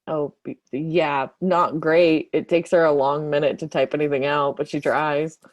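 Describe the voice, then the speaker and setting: A woman with a notably low voice plays a tabletop horror game, talking through her character in a loose, rambling way, full of fillers. The sound is dry and close. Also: level tone, unhurried, no room sound. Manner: rambling, filler-heavy, casual. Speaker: player. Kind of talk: tabletop role-play, describing her character.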